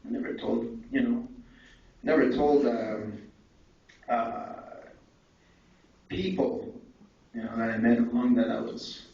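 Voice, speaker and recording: A man's voice: medium pitch, steady tone, slow, vocal fry, pauses often, dark tone. A young man shares a personal story at a conference in a candid, conversational way, dropping "eh" and "right" as he goes. He sits far from the microphone, and the hall rings with heavy echo. The sound is dull and lo-fi. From Canada. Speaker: conference speaker. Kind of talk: personal testimony talk. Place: large echoey conference hall. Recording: echoey, distant, dull lo-fi hall recording.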